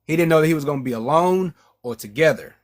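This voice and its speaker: A man, the author, reading his own novel aloud in a measured way with frequent restarts, then chatting with his listeners. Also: a little high, lively intonation.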